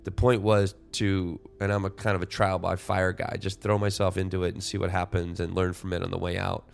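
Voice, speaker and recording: A man's voice: low-pitched, flat delivery, fairly quick, gravelly. A man in his forties hosting a solo podcast, talking in a rambling, reflective way and often correcting himself. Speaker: podcast host.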